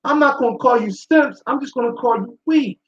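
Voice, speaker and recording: Speaking a little fast in a very high-pitched voice, a show host lays into his listeners with a blunt, profane, preachy monologue. The sound is dull and the room echoes.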